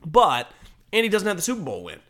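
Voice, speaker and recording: A man talking casually about football, animated, swearing now and then and acting out quotes. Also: sits high, quick pace. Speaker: sports talk show host. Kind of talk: casual sports chat.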